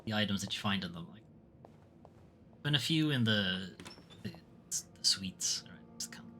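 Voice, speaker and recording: Male streamer, casual muttering commentary, bright and animated. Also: on the low side, moderate pace, a little hiss or hum. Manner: chatty, muttering, trails off mid-thought.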